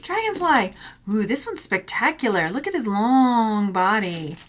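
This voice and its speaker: A woman's voice: on the high side, sing-song, unhurried, a bit bright. A woman from Texas, a thrift jewelry reseller, chatting playfully through an unboxing vlog with jokey asides and silly sound effects.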